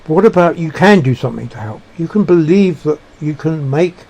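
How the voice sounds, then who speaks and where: Man, reflective monologue, gropes for words, somewhat high pitch, warm dark tone. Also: animated. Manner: halting, searching for words, many restarts. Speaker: speaker sharing personal beliefs.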